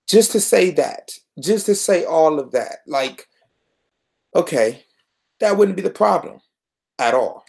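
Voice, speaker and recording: A man's voice: on the high side, animated, measured pace, vocal fry, long pauses, darkish tone. A young man hosting a solo podcast, reviewing comic books in an exasperated, sarcastic rant.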